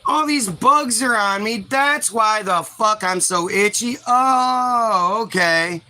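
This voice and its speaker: A man putting on a bossy, impatient Eve who barks curt orders. He keeps his own high, bright voice. Her lines come out blunt and salty. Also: slow, heavily acted.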